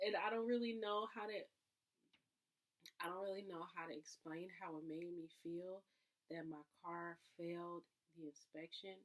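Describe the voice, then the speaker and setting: A woman talking casually to her viewers in a confessional vlog, reflective and chatty, full of "like" and "um", breaking into louder, higher bursts when she vents. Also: steady tone, moderate pace. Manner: chatty, reflective, filler-heavy with frequent "like" and "um"; jumps into higher, louder acted outbursts when venting. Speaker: vlogger.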